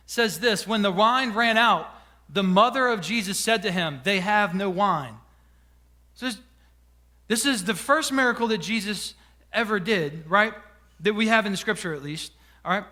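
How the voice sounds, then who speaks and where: A pastor delivers his sermon in a high, bright voice. He talks in a chatty, joking way, then stretches out phrases slowly to drive a point home. The voice is forceful and clear. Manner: conversational preaching with dramatic slowdowns.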